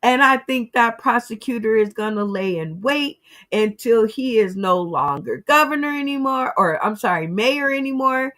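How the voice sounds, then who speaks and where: A woman's voice: on the high side, lively intonation, normal speed, a bit bright. A woman hosting a casual commentary show, giving her opinions on the news and speaking straight to her audience. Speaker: host.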